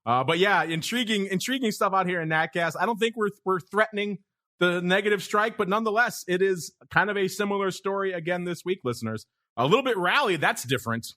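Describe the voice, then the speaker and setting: A man's voice: high voice, fairly quick, sharp tone. A man hosting a podcast, chatting casually about markets and laughing often in playful banter. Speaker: podcast host.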